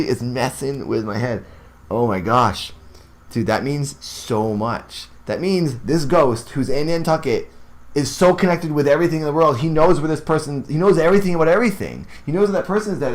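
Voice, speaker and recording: A man narrating ghost stories aloud who keeps stopping to react excitedly and ramble to his listeners before going back to the text. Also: on the high side. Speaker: horror story narrator.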